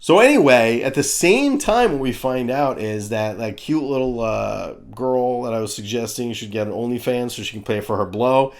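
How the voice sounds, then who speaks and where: A middle-aged man in his fifties rants through a cartoon review with crude jokes. He is animated and loose, his voice sitting at a medium pitch. The tone is casual and opinionated. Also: moderate pace, few pauses. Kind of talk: comedic rant review.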